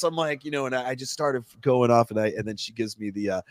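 A man's voice: mid-range voice, fast talker, dry recording, studio quality. A man hosting a radio talk show, telling a long story in a casual, swearing rant and acting out what other people said. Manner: animated, swears, acts out quoted people.

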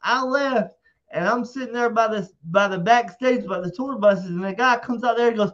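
Man, high voice, rowdy profane storytelling, loud acted-out quotes, muffled audio. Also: moderate pace. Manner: animated, profane, acts out quotes loudly. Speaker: interview guest. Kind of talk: casual storytelling.

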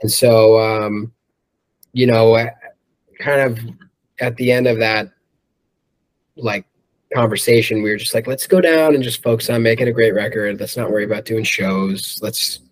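A man's voice: fairly low pitch, steady tone, moderate pace, pauses often. A man who sings in a rock band, chatting loosely in an interview, swearing freely and filling his talk with "um" and "like". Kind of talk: casual interview chat.

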